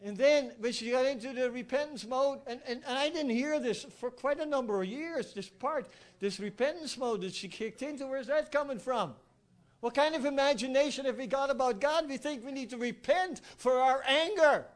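A man giving an informal sermon, telling stories with animated rhetorical asides and frequent chuckles. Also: extremely high pitch, moderate pace. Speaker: preacher.

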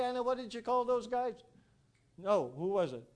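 A man giving an informal sermon, telling stories with animated rhetorical asides and frequent chuckles. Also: extremely high pitch, normal speed. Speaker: preacher.

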